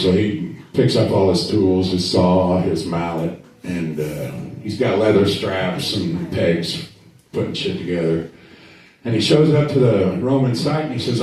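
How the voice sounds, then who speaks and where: A man's voice: on the low side, mellow, a little hiss or hum. A man with a drawl telling stand-up jokes and acting out the characters' lines. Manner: drawling storyteller, acts out characters in dialogue. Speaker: stand-up comedian. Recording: echoey room, mic heard from a distance.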